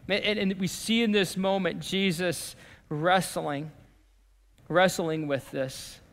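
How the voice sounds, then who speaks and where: High-voiced pastor preaching in a reverberant hall. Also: male voice, slow. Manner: conversational preaching, swings from lively to hushed. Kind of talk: sermon. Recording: long reverb of a church hall.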